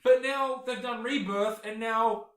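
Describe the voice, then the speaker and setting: A man's voice: very high-pitched, steady tone, unhurried, a bit bright, roomy sound. A man co-hosting a podcast, rambling through casual chat and swearing freely. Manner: rambling, swears freely, acts out quoted characters. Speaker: podcast co-host. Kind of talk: casual chat about comics.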